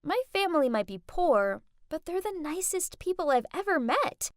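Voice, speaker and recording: High, lively woman narrator. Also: normal speed, dry recording, clean studio sound. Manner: expressive, dramatic. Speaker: story narrator. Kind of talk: scripted first-person narration.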